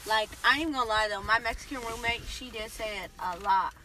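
A woman's voice: a little high, fairly quick, bright, forceful tone, distant mic, faint music behind, poor audio. A woman in a casual chat in a car, talking hesitantly and trailing off, with a good deal of slang.

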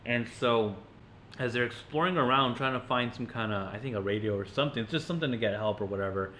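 A man co-hosting a podcast, retelling a horror movie in casual, animated chat with frequent swearing and laughter. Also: mid-range voice, quick pace, a little hiss or hum. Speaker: podcast co-host.

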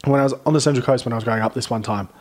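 A young Australian man hosting a podcast, chatting casually and rambling through animated stories. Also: mid-range voice, very fast. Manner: rambling storyteller, animated retellings. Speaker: podcast host. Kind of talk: casual chat.

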